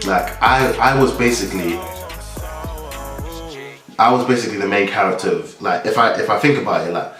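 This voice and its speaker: A man's voice: lowish voice, moderate pace, pauses often, fairly bright tone, echoey room, faint music behind. A young man from Nigeria giving a rambling, casual vlog monologue full of restarts and fillers.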